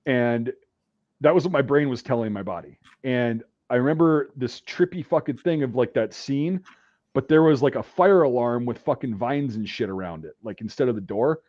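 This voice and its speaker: A man casually spinning a long profane anecdote, full of fillers and restarts. His voice is mid-pitched and sits in a dull, dry recording. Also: normal speed, a little mellow, dry recording. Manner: profane, rambling anecdote telling. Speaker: podcast host. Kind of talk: casual storytelling.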